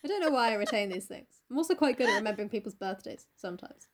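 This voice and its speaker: A woman's voice: on the high side, expressive, heavy background noise. A young woman co-hosting a casual chat, retelling a novel with crude jokes. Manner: crude, joking, fast storytelling. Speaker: podcast co-host.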